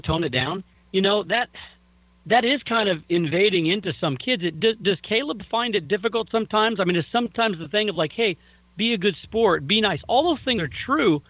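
A podcast co-host with a high voice talks fast and animatedly in casual chat, recorded on a slightly muffled mic with no room sound. He tells stories and acts out other people's lines.

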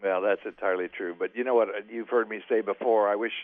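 A man's voice: lowish voice, steady tone, quick pace. A man co-hosting a radio talk show, blunt and opinionated in casual chat. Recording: tinny phone-like line.

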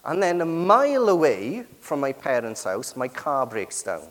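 A man preaching a sermon with lively emphasis, many rhetorical and tag questions to the congregation. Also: mid-range voice, unhurried. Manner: lively, rising and falling emphasis. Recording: long hall reverb.

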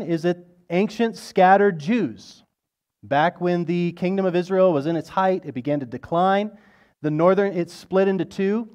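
A male pastor preaching a sermon in a conversational storytelling manner, swelling louder on dramatic moments and dropping soft at the ends of phrases. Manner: storytelling, rising in intensity on quoted lines, dropping low and soft at phrase ends; conversational, with restarts and asides.

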